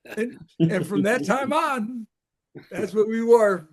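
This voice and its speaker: Older man with a high voice, casual storyteller, restarts and chuckles. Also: takes it slowly. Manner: rambling anecdotes with frequent restarts and laughs. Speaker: guest, former camp rec director.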